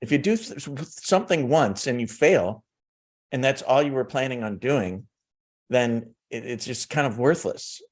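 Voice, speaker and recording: A man's voice: medium pitch, animated, measured pace. A man co-hosting a marketing podcast, speaking in an earnest, reflective way. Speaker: podcast co-host. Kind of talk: casual chat.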